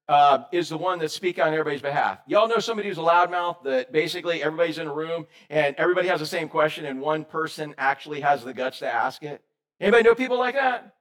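A man preaching a sermon, lively and animated, questioning his congregation. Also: on the high side. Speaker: pastor.

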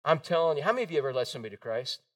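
A man preaches with a high voice, storytelling with animated energy and slipping into the voices of the people he quotes. His voice carries from a little way off the mic, as in a church hall. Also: rapid-fire, far from the mic. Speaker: pastor. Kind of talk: sermon.

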